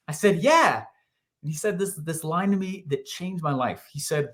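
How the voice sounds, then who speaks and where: Animated, laughing male storyteller. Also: a little high, moderate pace. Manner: animated, laughing, acts out quotes. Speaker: guest, marketing entrepreneur. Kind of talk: storytelling in an interview.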